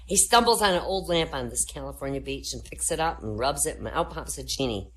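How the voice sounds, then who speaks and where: Woman, comedian, joke telling, slightly low pitch, quick character voices. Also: animated, fairly bright tone, low-quality recording. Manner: tells jokes with quick switches into character voices. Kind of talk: telling jokes at an online comedy show.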